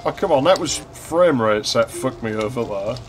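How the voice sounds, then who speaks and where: A man's voice: mid-range voice, expressive, normal speed. A young man chatting casually while playing an old console game, telling a school story, laughing often and swearing freely. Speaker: gaming channel host. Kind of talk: casual gameplay commentary.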